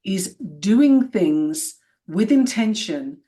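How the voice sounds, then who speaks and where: A woman's voice: medium pitch, expressive, drawn-out words, warm tone. Enthusiastic woman podcast co-host. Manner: free-flowing, enthusiastic, self-described witch. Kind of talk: casual podcast chat.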